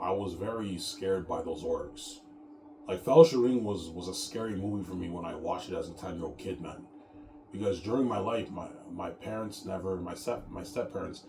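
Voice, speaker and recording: A man's voice: sits low, echoey room, background noise. A man hosting his own show in a casual, rambling monologue, repeating himself and tagging his sentences with "man.". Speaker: show host.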